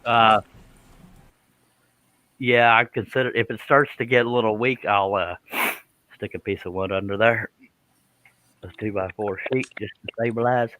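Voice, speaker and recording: A man with a bright, forward voice hosts a casual woodworking live stream. He jokes easily, laughs often and drops in a relaxed "y'all" as he talks with his co-hosts. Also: on the low side, normal speed, pauses often, a little hiss or hum, rough recording. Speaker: scroll saw pattern designer hosting a live stream.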